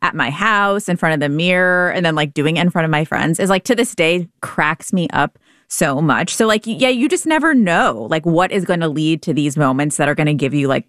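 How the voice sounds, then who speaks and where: A woman's voice: sits low, a bit bright, dry recording, clean studio sound. A woman hosting an interview, talking casually with lots of "like" and frequent laughter. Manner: casual, many likes, laughs often. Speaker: interview host. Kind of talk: conversational interview.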